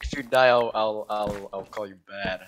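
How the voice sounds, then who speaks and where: A man's voice: lowish voice, steady tone, moderate pace. A man in playful, mock-dramatic gaming banter with friends. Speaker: gamer. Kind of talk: casual group gaming chat.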